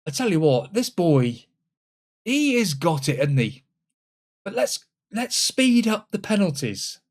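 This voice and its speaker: A man commenting on his own football management game, swinging between loud exclamations and muttered asides. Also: fairly high pitch, very animated, slow. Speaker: gaming channel host. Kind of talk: let's-play commentary.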